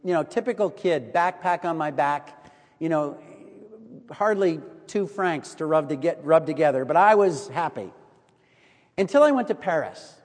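A middle-aged American man preaching a sermon in a storytelling manner, sometimes dropping to a hush for emphasis. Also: a little high, animated, moderate pace, in a large hall. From United States.

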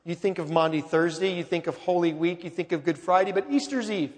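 High-voiced preacher in a reverberant church. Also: male voice, a little fast. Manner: emphatic, swings from loud to hushed. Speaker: pastor. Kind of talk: sermon. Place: large church sanctuary. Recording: long reverb of a large church.

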